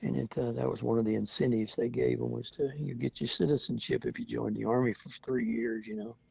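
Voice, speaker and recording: This is a veteran in his seventies giving an oral history interview, chatting freely and frequently laughing while he acts out what people said. His gravelly, husky voice is mid-range, steady, brisk and warm-toned, heard on a dull, dry, lo-fi recording.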